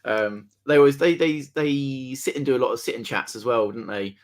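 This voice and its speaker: Male guest from England, relaxed and a bit halting, full of ums, casual hobby chat, mid pitch. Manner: easygoing, hesitant with ums, laughs often.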